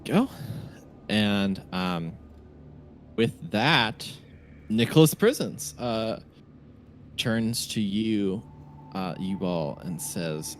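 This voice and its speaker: A game master from Southern Louisiana with a somewhat low voice narrates a tabletop game. He speaks haltingly, filling pauses with fillers and restarting his sentences, over a faint background hiss. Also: lively intonation.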